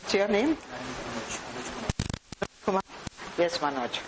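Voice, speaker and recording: A woman's voice: medium pitch, expressive, measured pace, poor audio. Indian-accented woman, motivational speaker, engages the audience directly, room tone with faint hiss. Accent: Indian English. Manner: warm, direct, addresses audience members by name. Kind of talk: live talk to a small audience. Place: talk room with live audience.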